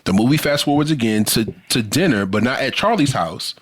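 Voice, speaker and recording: Husky, animated man recapping a film. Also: medium pitch, fairly quick. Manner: lively storytelling with frequent "like" fillers, acts out quotes. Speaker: podcast co-host.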